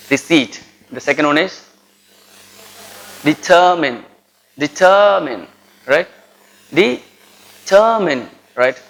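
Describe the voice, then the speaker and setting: A man's voice: mid-range voice, a bit bright, rough recording. A man with an Indian English accent giving a pronunciation lesson to students, repeating words with heavy stress and checking in with "right?". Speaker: lecturer. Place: college lecture.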